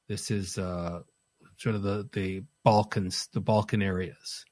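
A man preaching an expository sermon, animated, often repeating words as he starts a phrase and speaking the apostle's words in the first person. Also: deep voice, measured pace, no echo.

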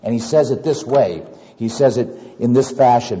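A man preaching a sermon and reading scripture aloud, swinging between loud emphasis and hushed low asides. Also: sing-song, unhurried, few pauses. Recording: dull audio with long hall reverb.

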